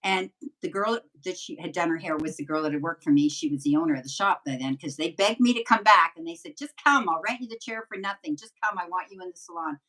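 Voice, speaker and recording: An older woman with a lowish voice tells long, rambling stories as a medium guest in a relaxed interview. She sounds a little distant from the microphone. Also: fast. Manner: rambling, chatty anecdotes. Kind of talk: casual storytelling interview.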